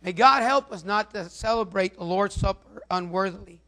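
A man's voice: high voice, moderate pace, bright, forceful tone. A male pastor preaching a sermon, rambling, with many repeated words and fillers.

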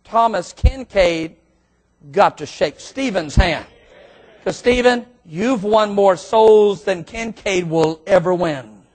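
A proud, tender mother, voiced by a preacher. She speaks gently but firmly. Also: sits high, slow, pitched below the performer's own voice.

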